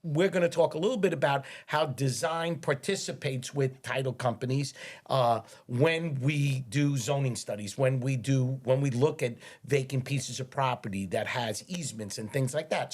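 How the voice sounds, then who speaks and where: A middle-aged New man hosts an interview podcast in a loose, chatty way. His voice has a middle pitch, and he often doubles back on words before getting his question out. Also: moderate pace. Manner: chatty, repeats words while finding his thought. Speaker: podcast host, architect. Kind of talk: casual interview conversation.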